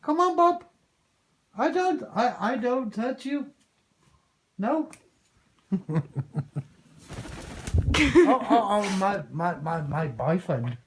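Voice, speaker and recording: A woman coaxes her pet bird in a lively, sing-song voice that swoops up and down. She talks slowly and teases with playful swearing. A faint hiss sits behind her. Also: mid-range voice, poor audio. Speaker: parrot owner. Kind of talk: casual chat to a pet.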